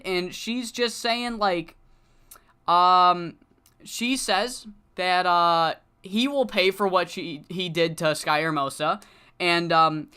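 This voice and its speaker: A man streaming a wrestling management game, recapping the show in a rambling, animated, swearing way. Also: high-pitched, smooth. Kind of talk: casual recap of a wrestling sim.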